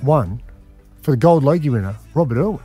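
An Australian man in his forties tells a story on a radio show. His delivery is animated and emphatic, and his voice sits in an ordinary middle register. The sound is dry and close, with faint music underneath. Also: mid-range voice, brisk, slightly rough, no room sound. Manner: animated, emphatic, frequent "man" and "mate" fillers. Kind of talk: casual storytelling chat.

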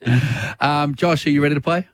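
A man hosting a radio game segment, teasing and quick with callers. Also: medium pitch, animated. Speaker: radio host. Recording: faint background noise.

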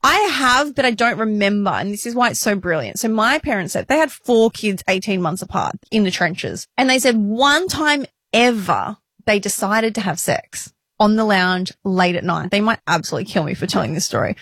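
Animated woman telling a story. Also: mid-range voice, moderate pace, hardly any pauses, dry recording. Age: adult. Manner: animated storyteller, acts out quoted voices. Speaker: podcast co-host. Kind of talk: casual chat.

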